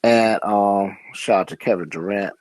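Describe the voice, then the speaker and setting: Male podcast host, low-pitched, dry close sound, loud and joking. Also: unhurried, dry recording, poor audio. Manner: loud, joking interruptions and plugs. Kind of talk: casual comedy podcast chat.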